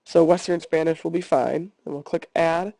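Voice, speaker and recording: A man who teaches Spanish, calmly talking his class through a screencast tutorial step by step. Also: a little high, normal speed, vocal fry, no room sound. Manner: calm step-by-step instruction.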